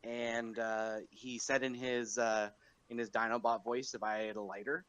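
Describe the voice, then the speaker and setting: A man's voice: medium pitch, flat delivery, normal speed, a bit bright, dull audio. Young male podcast host, mid-range voice, casual and rambling. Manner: rambling, with many fillers and chuckles.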